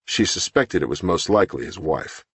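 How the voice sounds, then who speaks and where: A man reading an audiobook novel in scripted narration with an even, steady delivery, close to the microphone. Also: low voice, moderate pace, husky, dry recording.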